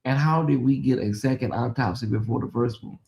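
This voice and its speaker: A Southern US man hosts an easygoing livestream, chatting with his viewers and responding to their messages as he reads them. He talks briskly in a gravelly, darkish voice of medium pitch.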